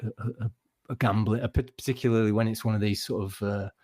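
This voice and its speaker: A man hosting a casual football podcast, wry and halting with many restarts. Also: fairly low pitch, fairly even intonation, darkish tone, slightly rough, no room sound, studio quality. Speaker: podcast host.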